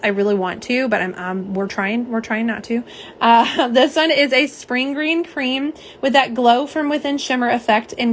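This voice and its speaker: Speaking fairly high, with a little hiss or hum in the audio, a young woman runs a relaxed livestream where she unboxes items and swatches them. She chats along and reads viewers' comments aloud.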